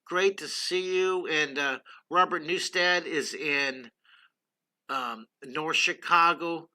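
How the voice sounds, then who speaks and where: A man's voice: fairly high pitch, slow, bright, forceful tone. An older man hosting a casual livestream drawing lesson, chatty and enthusiastic, greeting viewers by name while he draws. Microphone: computer streaming setup.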